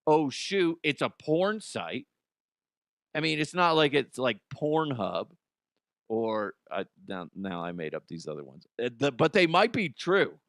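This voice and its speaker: A man's voice: mid-range voice, big pitch swings, normal speed, a bit bright, no room sound, studio quality. A man hosting a comedic news segment, rambling, swearing and laughing at his own jokes. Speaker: host.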